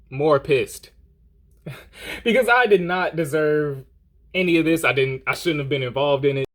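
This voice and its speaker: A young man telling a story in a casual, animated way, rambling with lots of fillers. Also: mid-range voice. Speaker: vlogger.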